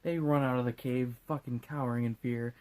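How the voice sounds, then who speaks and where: A man's voice: mid-range voice, fairly even intonation, a little fast, darkish tone. A drunk man hosting a comedic movie recap in a rambling, profane, jokey way. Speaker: host.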